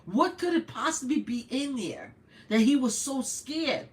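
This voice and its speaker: An older woman with a New York accent, hosting a live stream and giving blunt, animated political commentary full of rhetorical questions. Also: sits high, unhurried. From United States.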